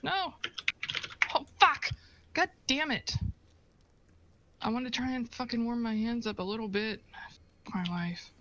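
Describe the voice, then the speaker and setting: A woman's voice: fairly high pitch, normal speed, long pauses, lo-fi sound, a little hiss or hum. A woman live streamer chatting while she plays, stumbling over words and swearing when flustered, cold in her room. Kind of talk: casual chat while gaming.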